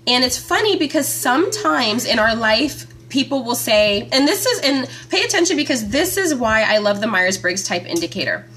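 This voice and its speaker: A woman hosting a live stream from her phone, chatting with viewers by name in a chatty, excitable way. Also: fairly high pitch, moderate pace, few pauses. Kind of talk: casual live-stream chat.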